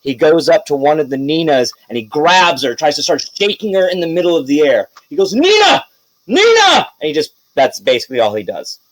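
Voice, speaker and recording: A man narrating a tabletop game as game master, casual and lively. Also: on the high side, fairly quick, few pauses, no echo, rough recording.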